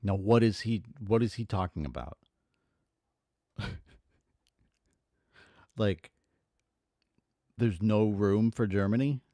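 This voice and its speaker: Man, deep low voice, dry close sound, casual stream, reading aloud, exasperated profane asides. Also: warm tone, no echo. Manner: exasperated, profane asides between halting read-aloud passages. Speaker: streamer reading and commenting on a historical text.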